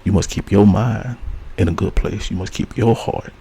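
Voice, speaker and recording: A man with a low, warm voice gives an ASMR spiritual advice talk. He speaks earnestly and circles back to the same phrases like a preacher. A faint hiss sits under his voice. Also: steady tone, normal speed, gravelly, poor audio. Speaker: host.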